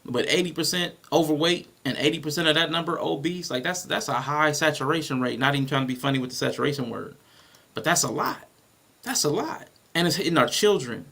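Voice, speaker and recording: Podcast host guy, gravelly voice sitting a bit high, rambles and restarts a lot. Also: fast talker, few pauses, pushed and bright. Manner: rambling, restarts, thinks aloud. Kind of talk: casual podcast discussion.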